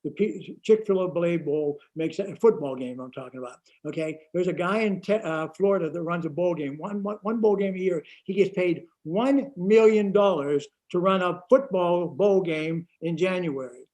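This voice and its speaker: Blunt fired-up man, high voice. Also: darkish tone. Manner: blunt, fired-up, rapid bursts. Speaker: panelist. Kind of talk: panel discussion.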